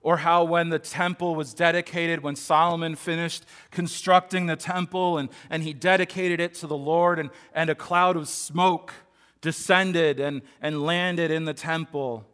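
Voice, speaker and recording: A pastor with a higher, fairly bright, clear and resonant voice delivers a sermon unhurriedly, with fairly even intonation. He preaches earnestly and conversationally, often restarting his phrases.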